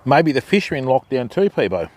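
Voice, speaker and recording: Chatting with viewers during a fishing livestream at a riverside campsite, this Australian man keeps up relaxed, chatty banter. His mid-range voice is a little mellow, fairly quick, and swings widely in pitch.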